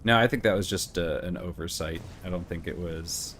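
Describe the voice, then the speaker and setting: A man's voice: low voice, normal speed, fairly bright tone, slight background noise. Rambling middle-aged man chatting over gameplay. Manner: rambling, storytelling with quoted voices. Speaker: gaming channel host. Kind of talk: casual chat while playing.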